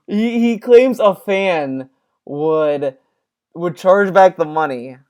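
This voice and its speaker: A man's voice: high-pitched, drawn-out words, a little mellow, clear, resonant tone. A man doing casual reaction commentary, rambling and sarcastic, with many restarts. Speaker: commentary streamer.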